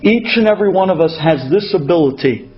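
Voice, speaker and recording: Guy telling an inspiring story, high voice, slow dramatic build, muffled audio. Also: expressive, soft background music. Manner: dramatic, repetitive phrasing, Hebrew terms woven in.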